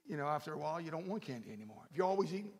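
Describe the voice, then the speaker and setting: A man preaching a sermon, animated, acting out prayers and swinging between loud and soft delivery. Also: on the high side, very fast, husky. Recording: long hall reverb.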